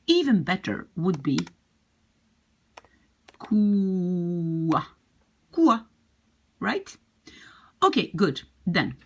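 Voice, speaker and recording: A woman language teacher speaking slowly and patiently, with a slightly husky tone. She repeats each example carefully, her pitch rising and dipping with lively emphasis. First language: French or Dutch. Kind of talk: explaining French grammar in English.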